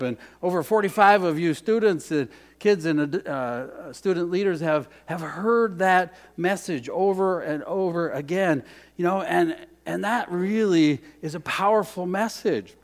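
Pastor, male, high voice, preaching with dynamic swings and repeated phrases. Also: a little slow. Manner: dynamic, swings from hushed to emphatic. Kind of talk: sermon.

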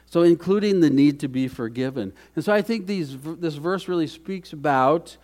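A man's voice: on the high side, animated, normal speed, darkish tone. A middle-aged man preaching a conversational sermon as pastor, folksy and chatty, with frequent restarts.

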